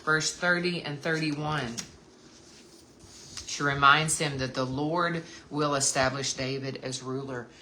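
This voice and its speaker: Low, bright-voiced woman teaching scripture. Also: steady tone, slow pace, slight background noise. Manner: earnest and emphatic, repeats key points; addresses listeners as sisters. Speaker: women's Bible teacher. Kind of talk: devotional Bible teaching.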